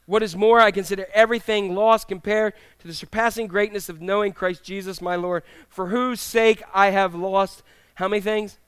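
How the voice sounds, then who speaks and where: Middle-aged pastor guy cracking jokes in a sermon, smooth resonant voice, dry sound. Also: high-pitched, moderate pace, no echo. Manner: humorous, storytelling, animated delivery with acted quotes. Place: church sanctuary with congregation.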